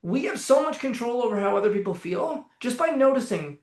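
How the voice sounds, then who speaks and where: A man coaching on anxiety in a casual talk straight to camera, blunt and profane, animated, with bursts of laughter. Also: extremely high pitch, a little fast, roomy sound.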